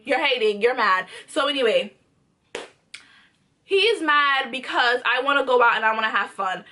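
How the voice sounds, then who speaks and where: Bright, sassy woman vlogger. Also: fairly high pitch. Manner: emphatic, repetitive, sassy. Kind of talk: storytime chat.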